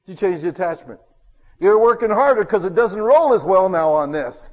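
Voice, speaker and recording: A man preaching a sermon, telling homey stories and swinging between loud bursts and hushed asides. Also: high voice, animated, moderate pace, long reverb tail, highs cut off.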